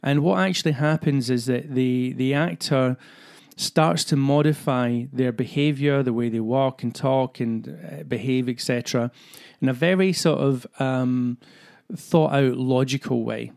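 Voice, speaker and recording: A man talks through his ideas on acting for a podcast. He explains earnestly, working his thoughts out aloud with fillers and restarts. His pitch sits in the everyday middle range. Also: measured pace, gravelly, a little mellow. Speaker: acting coach, podcast host. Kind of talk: solo podcast talk.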